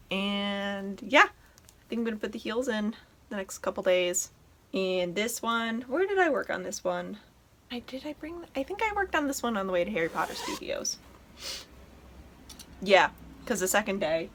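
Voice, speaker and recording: A woman's voice: mid-range voice, a bit bright. A woman hosting a knitting podcast, chatting casually and enthusiastically as she shows her projects at home. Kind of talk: casual show-and-tell chat.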